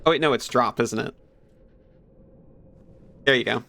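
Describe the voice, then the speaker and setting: A man's voice: medium pitch, measured pace, creaky, pushed and bright. A man streaming a video game, chatting casually with viewers and laughing at his own mix-ups. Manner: chatty, giggly, apologetic asides to chat. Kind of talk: casual gameplay commentary.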